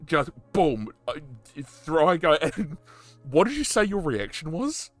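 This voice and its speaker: A man's voice: fairly high pitch, sing-song, measured pace, faint music behind. A man in casual chat, enthusiastically recounting his roleplay moments and swearing freely. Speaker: roleplayer interviewee.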